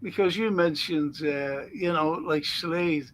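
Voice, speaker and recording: A man hosting a casual chat show, reading out listener messages and telling jokey stories with frequent laughs. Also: on the high side. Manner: jokey, laughs often, slow storytelling. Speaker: host and historian.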